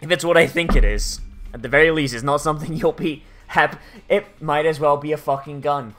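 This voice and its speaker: Give me a crude, sarcastic young woman narrating a video game playthrough over quiet background music. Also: sits low, fairly quick. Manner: crude, heavily profane, sarcastic, rambling. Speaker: let's play host. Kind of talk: gameplay commentary reading game text aloud. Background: faint game music.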